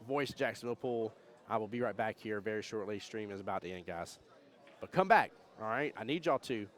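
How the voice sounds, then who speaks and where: A man giving jokey, animated live commentary on a pool tournament and reading chat comments aloud. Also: mid-range voice. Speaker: pool match commentator and streamer. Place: pool hall during a tournament.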